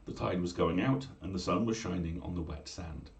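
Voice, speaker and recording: A man reading a fairy tale aloud at home in a measured, old-fashioned style for a bedtime story stream. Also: low voice, gravelly, reverberant, far from the mic.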